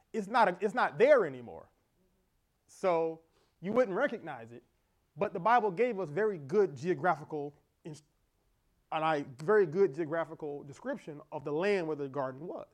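A middle-aged pastor delivers a sermon in a slightly high voice. He preaches with animated energy, laughing along and acting out quoted exchanges.

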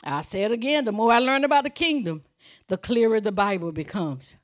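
A woman preaching a sermon in an emphatic, conversational way, moving between loud declarations and quiet asides. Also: medium pitch, brisk. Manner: chuckles while preaching, conversational.

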